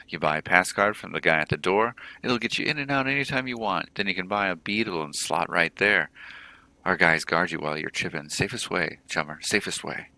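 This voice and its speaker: A man's voice: sits low, sharp tone, no room sound, voice pushed up, heavily acted. A man playing a twitchy orc dealer. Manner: rapid-fire, repetitive, hyped salesman patter. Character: twitchy jittery male orc drug dealer.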